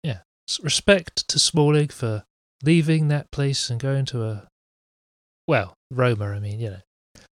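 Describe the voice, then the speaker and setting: A man's voice: medium pitch, a little slow, no room sound, clean studio sound. A young man co-hosting a casual football podcast, wry and sarcastic in his asides. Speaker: podcast co-host.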